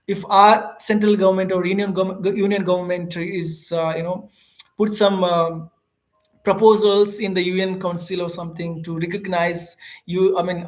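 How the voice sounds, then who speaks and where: An English teacher with an Indian accent hosts a relaxed live stream and chats directly with viewers. The voice sits in a middle pitch, and the delivery is animated and conversational, with frequent pauses and "uh" fillers. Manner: chatty and animated, reads and answers viewer comments, frequent "uh" fillers.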